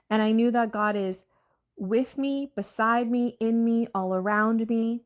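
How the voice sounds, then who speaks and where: A woman's voice: fairly high pitch, fairly even intonation, unhurried. A woman coach giving an earnest, reflective motivational talk with a spiritual bent.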